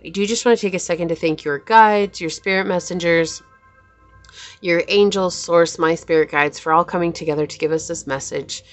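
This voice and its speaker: Warm-hearted female tarot reader, emotional and affirming delivery, slightly low pitch, faint background music. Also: normal speed, dry recording. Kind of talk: pick-a-card tarot reading.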